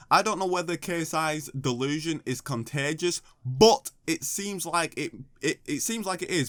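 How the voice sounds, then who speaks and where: A man's voice: on the high side, a bit bright, dry recording. A man doing mocking, sarcastic comedic commentary with a slightly raised voice. The recording is close and dry, with no room sound. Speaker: YouTube commentator.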